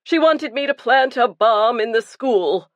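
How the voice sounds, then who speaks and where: A woman's voice: a little high, lively intonation, a little slow, no room sound, lo-fi sound, voice pushed up. A woman reading the part of a guilt-ridden, burly male pastor who confesses earnestly and pleads for himself. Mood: pleading.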